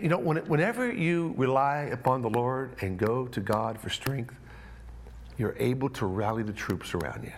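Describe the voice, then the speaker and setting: Man, preacher, sermon, animated, lively rising and falling pitch, slightly high voice, repeats words. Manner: animated, acts out voices of the story. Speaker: pastor.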